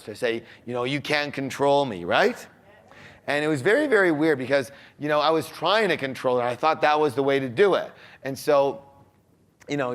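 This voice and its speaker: A man's voice: mid-range voice, a bit bright. A man giving a motivational talk who tells a personal story and poses rhetorical questions to his audience before answering them himself.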